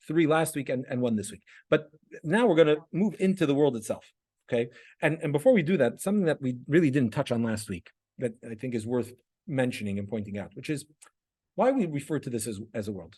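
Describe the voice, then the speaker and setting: A fairly high, somewhat mellow male voice belongs to a class instructor. He lectures conversationally, weaving in stories, restarting frequently, and often asking students "right?"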